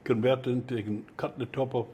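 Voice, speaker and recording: A man's voice: medium pitch, fairly even intonation, a little fast, dark tone, slight background noise. A man, a company co-founder, chiming in with short remarks while recalling shared memories. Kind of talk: anniversary reminiscing. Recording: faint music behind the voice.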